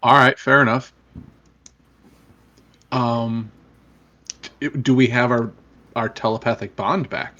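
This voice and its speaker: A man's voice: mid-range voice, steady tone, takes it slowly, long pauses, bright, forceful tone, highs cut off. A man playing in a tabletop game, joking and stammering in casual chat. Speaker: player.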